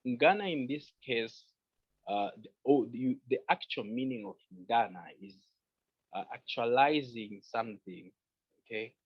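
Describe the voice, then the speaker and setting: A man's voice: mid-range voice, expressive, a little slow, breathy edge, no echo, highs cut off. A man from Zambia with a Zambian accent, teaching an online language class, patiently repeating phrases and checking in with "okay?".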